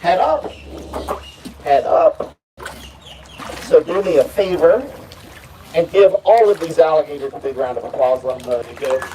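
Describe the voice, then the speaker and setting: A man's voice: a little high, a little slow, pauses often, mellow, recorded from a distance, slight background noise, poor audio. A man handling alligators in an outdoor enclosure and chatting playfully to visitors as he coaxes the animals. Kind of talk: casual live demonstration talk.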